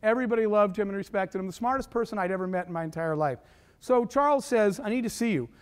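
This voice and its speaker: A man's voice: high voice, fast, clear, resonant tone. A man telling a long personal story to an audience as a keynote speaker, acting out the voices of the people he quotes. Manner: animated, acts out quoted voices. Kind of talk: storytelling talk.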